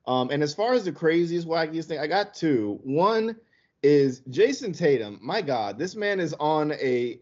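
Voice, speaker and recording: A man co-hosting a sports podcast, excitable and profane in casual chat. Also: dull audio. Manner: excitable, swears, pitch jumps up when hyped. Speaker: podcast co-host.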